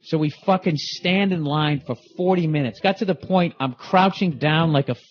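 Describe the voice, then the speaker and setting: A man's voice: on the high side, moderate pace. Profane middle-aged man ranting, lo-fi. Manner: profane, heated, rambling. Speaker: podcast host. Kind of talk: ranting comedic monologue. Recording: dull lo-fi recording.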